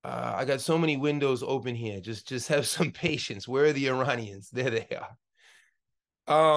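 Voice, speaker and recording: A man's voice: medium pitch, measured pace, vocal fry, a bit bright. 40s guy lecturing an online class on a video call, fired up, lots of ums and restarts, normal mid voice. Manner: impassioned, rambling with many fillers and restarts. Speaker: class instructor and organizer.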